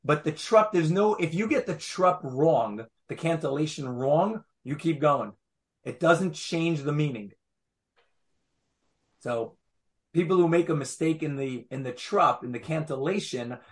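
A man lecturing a study group at an easy pace. his voice sits a touch high, and he comes back to his points, restating them with small asides as he goes. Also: animated, a little slow. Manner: patient, repeats phrases, fond of asides. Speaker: Torah teacher. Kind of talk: explanatory class lecture.

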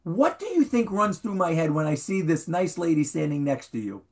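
A man's voice: a little high, moderate pace. A man teaching an interactive Bible class to a small group, questioning his students and reading verses aloud. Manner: animated, questions the students, reads Hebrew aloud.

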